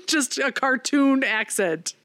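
A woman's voice: high voice, expressive, takes it slowly, fairly bright tone, dry recording, studio quality. A woman co-hosting a casual film review chat, rambling and profane as she picks apart the plot. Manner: rambling, profane, mocks bad accents. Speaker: podcast co-host.

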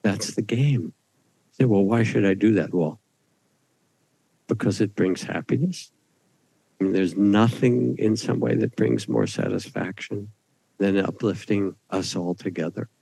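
A man's voice: on the low side, unhurried, vocal fry, long pauses, mellow, breathy edge, no echo, poor audio. A man who is a meditation teacher speaks on a retreat panel, reflective and telling stories. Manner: reflective, storytelling. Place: retreat hall.

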